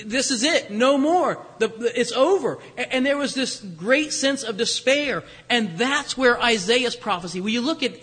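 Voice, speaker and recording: Bright-voiced male preacher in a hall. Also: extremely high pitch. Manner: conversational preaching, rising for emphasis. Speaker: pastor. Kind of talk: sermon.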